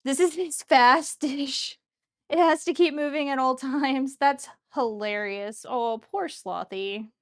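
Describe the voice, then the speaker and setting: A young woman with a high voice speaks slowly while hosting a home cooking show in her kitchen. She chats casually as she cooks, often joking at her own expense.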